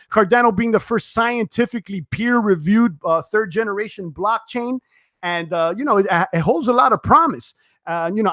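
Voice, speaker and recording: High-voiced man hosting a casual live stream. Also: a bit bright, no room sound, studio quality. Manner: casual, many fillers and restarts. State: sweating, tiring. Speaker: crypto live-stream host. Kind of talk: live-stream chat reading viewer comments.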